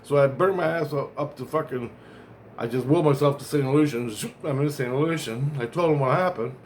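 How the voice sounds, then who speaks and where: Talking fairly quickly at a medium pitch, this vlogger tells a lengthy story from his own life. He's profane and wanders off track, frequently starting over or fixing what he said, with slight noise in the background.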